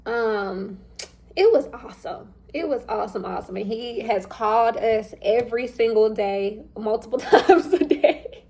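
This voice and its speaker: A woman's voice: fairly high pitch, measured pace. Chatty young woman telling a story. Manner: animated, acts out quoted dialogue; chatty and informal, addresses listeners directly. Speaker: vlogger. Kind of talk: casual storytelling.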